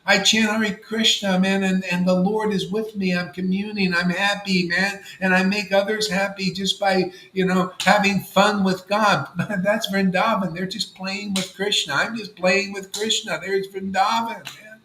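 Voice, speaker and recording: A man speaks at a devotional gathering in a loose, animated way, tossing in "man" and "you know" as he goes. His voice sits a bit high for a man. The room is echoey, with a faint hiss of background noise. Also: a little slow, hardly any pauses. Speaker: spiritual teacher. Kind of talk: informal devotional talk.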